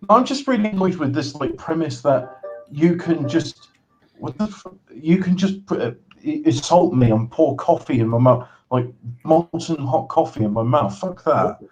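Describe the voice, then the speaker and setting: A man hosting a casual livestream game show, talking haltingly with many restarts and dry sarcastic jokes. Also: medium pitch, darkish tone, dull audio.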